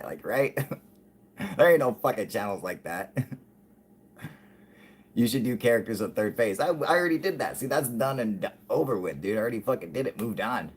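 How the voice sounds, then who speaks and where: A man's voice: mid-range voice, expressive, moderate pace, pauses often, slightly rough. A man hosting a casual live stream, reading chat aloud, laughing often and swearing constantly.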